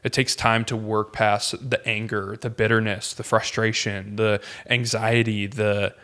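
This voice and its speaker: A man's voice: fairly low pitch, level tone, a little slow, a bit bright. A man, a pastor, talking earnestly in casual conversation, with many fillers and restarts.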